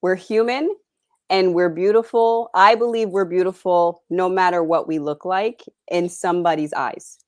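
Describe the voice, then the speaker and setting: A young woman from Canada, an actress guest in a casual interview, talking in an animated way, laughing often and dropping in British slang. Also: fairly low pitch, moderate pace, dry recording, clean studio sound.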